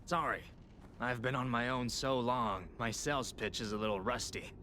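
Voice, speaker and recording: A man's voice: mid-range voice, moderate pace, bright, forceful tone, slight background noise, close to an everyday voice. A man voicing a lonely, weary merchant in a video game, offering wares with a subdued, rusty sales patter. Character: lonely wary male merchant in a ruined city. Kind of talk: game character dialogue.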